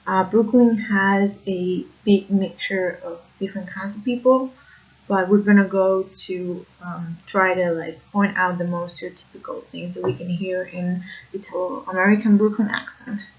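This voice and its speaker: A woman's voice: mid-range voice, dull audio. A woman explaining accent features in a video lesson, hesitant and careful, with many fillers. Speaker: accent coach.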